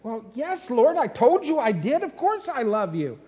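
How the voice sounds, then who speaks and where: A man's voice: extremely high pitch, big pitch swings, moderate pace, a little mellow. A man preaching, voicing Peter, an earnest fisherman disciple.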